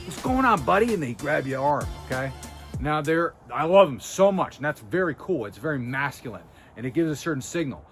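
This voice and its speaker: A man's voice: mid-range voice, lively intonation, brisk, soft background music. A man talking straight to camera, coaching viewers on body language in a blunt, emphatic, intense way. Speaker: body language video host. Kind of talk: casual direct-to-camera coaching talk.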